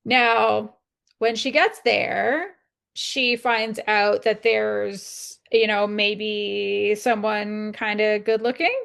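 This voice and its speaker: Chatty woman with a gravelly voice. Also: mid-range voice, steady tone, drawn-out words, a bit bright. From Canada. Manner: chatty, laughs often, storytelling. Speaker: podcast co-host. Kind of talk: casual chat.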